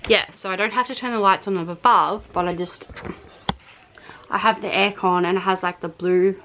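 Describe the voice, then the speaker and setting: A woman's voice: mid-range voice, fairly even intonation, normal speed, noisy background. An Australian woman in her thirties chatting casually to a phone camera in her bedroom at night, rambling with lots of fillers. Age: 30s. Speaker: vlogger. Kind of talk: casual chat.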